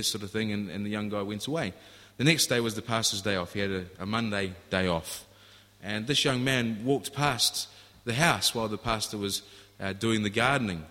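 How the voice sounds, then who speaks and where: A male pastor delivers a sermon in a low, bright voice, earnest and storytelling. His words ring with a long hall reverb. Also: normal speed. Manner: earnest, storytelling, with frequent restarts. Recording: echoey hall.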